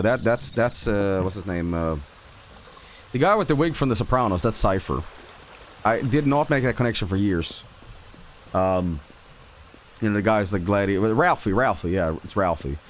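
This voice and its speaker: A man's voice: on the low side, lively intonation, moderate pace, long pauses, slight background noise. A man streaming a game, chatting casually while rambling, swearing and laughing often. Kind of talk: casual livestream chat while gaming.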